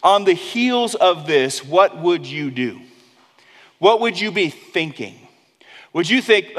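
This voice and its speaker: A man preaching a sermon in a conversational way, dropping low and quiet on key words and acting out the voices of people he quotes. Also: animated, slow, in a large hall. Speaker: pastor.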